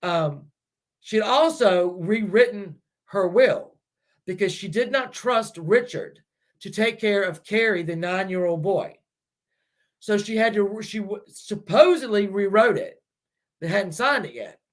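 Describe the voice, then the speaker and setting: A man's voice: high voice, animated, measured pace. A man hosting a true-crime channel who speculates aloud in a casual, rambling way, with many restarts and fillers, and who talks straight to his viewers.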